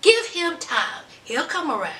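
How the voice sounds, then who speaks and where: A woman's voice: high voice, very animated, measured pace, pushed and bright. Sassy, chatty recap vlogger woman. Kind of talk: casual recap commentary. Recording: echoey room, mic at a distance.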